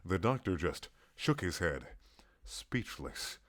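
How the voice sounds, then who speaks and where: A man's voice: deep voice, very animated, slow. A man reading a playful fan story aloud as narrator. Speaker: reader.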